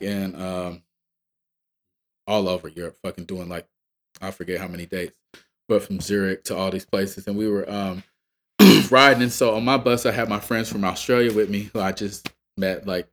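A man's voice: fairly low pitch, steady tone, normal speed. A man from Atlanta with a Southern accent, a rapper guest telling a loose, profane tour story and laughing often. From Atlanta, Georgia. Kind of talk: casual storytelling.

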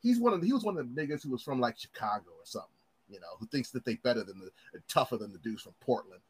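A man's voice: medium pitch, racing, husky. A man in casual chat, telling heated stories with lots of profanity and acting out the people he quotes. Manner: animated storyteller, profane, acts out quoted voices.

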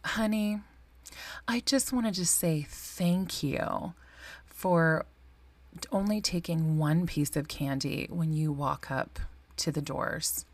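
A woman voicing a prim, passive-aggressive mother in a whispered role-play, hushed and condescending. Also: deep voice, slow pace, no echo, heavily acted. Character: prim, disapproving mother praising her young daughter.

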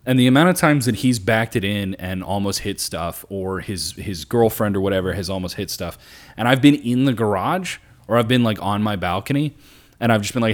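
A man's voice: fairly low pitch, brisk. A young man co-hosting a podcast, telling a long story in casual, profane chat and acting out the lines of the people in it. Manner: animated, profane, acts out quotes. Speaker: podcast co-host.

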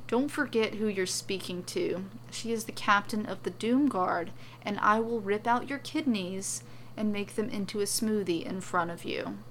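A woman's voice: mid-range voice, moderate pace, a little hiss or hum, close to an everyday voice, low-quality recording. Woman playing a cold, menacing villainess. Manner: calm, threatening, clipped.

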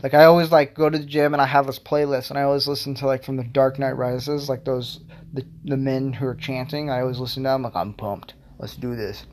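A man's voice: mid-range voice, flat delivery, fast, darkish tone. A young man hosting his own podcast, rambling casually with lots of fillers and self-deprecating asides. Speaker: podcast host.

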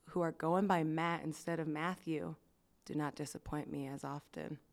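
A woman's voice: low voice, steady tone, moderate pace, darkish tone. A young woman hosting a podcast, chatting casually, giggly and rambling. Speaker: podcast host. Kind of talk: casual chat.

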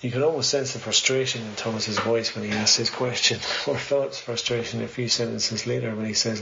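Brief: male preacher, very gravelly voice, earnest and conversational, slightly dull recording with faint hiss. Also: medium pitch, steady tone, a little fast, hardly any pauses. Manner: conversational, earnest, poses many questions. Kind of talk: sermon, Bible reading and reflection.

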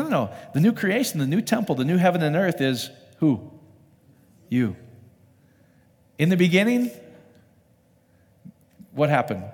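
A man preaching a sermon in a loose, conversational way, often asking his listeners rhetorical questions. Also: medium pitch. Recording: long reverb of a hall.

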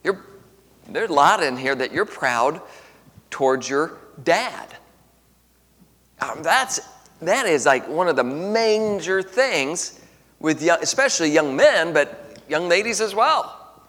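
Man preaching, fairly high voice, animated delivery, loud then hushed, long hall reverb. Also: slow pace, long pauses. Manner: animated, swings from loud emphasis to hushed storytelling. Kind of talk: sermon to young people. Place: large auditorium.

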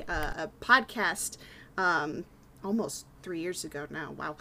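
A woman's voice: medium pitch, a bit bright. A woman talking casually on a tabletop gaming panel, earnest and chatty, with frequent fillers and restarts. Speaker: podcast guest, tabletop player.

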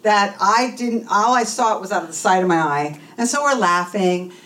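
A woman's voice: mid-range voice, normal speed, a little hiss or hum. A middle-aged woman telling a personal story in an interview, acting out the people in it with feeling. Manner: animated, acts out the voices in her story. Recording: voice a bit distant from the mic.

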